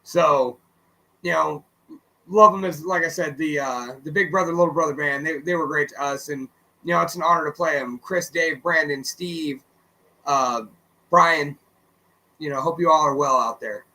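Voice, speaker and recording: Co-hosting a radio show, a man tells stories in casual chat, acting out his friends' lines as he goes. He's an animated storyteller who swears casually and uses many fillers. His voice sits on the high side at a moderate pace, and the audio is poor.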